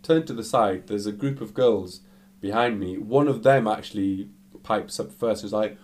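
A man's voice: lowish voice, normal speed. Chatty man telling a story. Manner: animated, full of "like" fillers. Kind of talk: casual storytelling.

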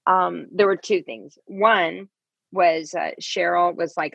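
Guest: middle-aged woman, low husky voice, lively storyteller, muffled earbud call. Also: slow pace, no room sound. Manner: animated, acts out quoted voices. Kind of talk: casual interview storytelling.

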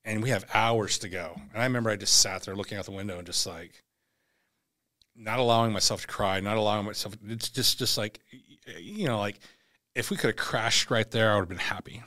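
A man in his forties, a veteran guest on a podcast, telling his own story candidly in a halting way and stumbling over repeated words. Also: lowish voice, bright, forceful tone, dry recording, studio quality.

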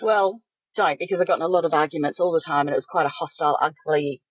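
A middle-aged woman, giving calm, measured coaching advice in a casual podcast chat. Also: deep voice, a little hiss or hum, rough recording. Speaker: podcast co-host, life coach.

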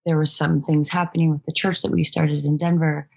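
A woman's voice: low voice, little pitch movement, fairly quick, vocal fry, darkish tone, husky. A woman musician, a guest on an interview podcast, telling her story in a hesitant, reflective way. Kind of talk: conversational interview.

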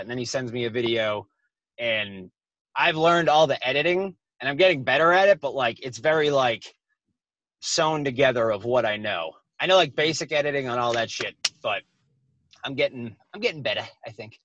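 A man in his 20s, medium-pitched and a bit bright, speaks at a moderate pace in a dry recording. Appearing as a comedian guest in a casual podcast chat, he rambles, swears a lot, leans on "like," and has a thick accent. His sound is dull and lo-fi, from a dry, dead room.

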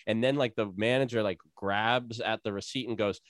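A man's voice: fairly low pitch, moderate pace, hardly any pauses, dry recording, studio quality. A man in casual chat, telling a story and acting out the people in it with a lot of swearing. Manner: animated, acts out quotes with raised voice, swears freely.

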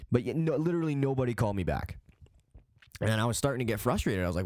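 A man's voice: medium pitch, lively intonation, fast talker, darkish tone, no echo, clean studio sound. A young man in his late teens from Canada, hosting a podcast and telling a story in a casual, rambling way, with frequent swearing, restarts and fillers. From Calgary, Canada. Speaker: podcast host.

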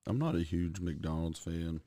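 A man's voice: sits low, measured pace, warm tone, no echo, studio quality. A man co-hosting a podcast, chiming in with crude jokes during casual chat. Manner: crude, joking banter.

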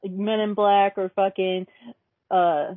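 A woman's voice: mid-range voice, little pitch movement, takes it slowly, no echo. A woman in casual chat about a cartoon, rambling, swearing and fumbling for names. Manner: profane, rambling, forgets names. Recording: dry tinny phone-like line.

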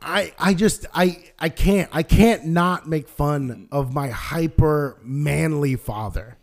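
A man's voice: on the high side, slow. A young man co-hosting a podcast in casual chat, laughing often and swearing, with frequent restarts. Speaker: podcast co-host.

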